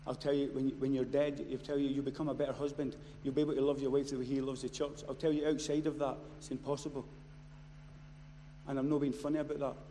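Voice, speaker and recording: Impassioned preacher in echoing hall. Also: male voice, medium pitch, flat delivery, fast. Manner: builds from quiet storytelling to loud impassioned shouting. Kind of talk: sermon. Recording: long hall reverb, faint noise.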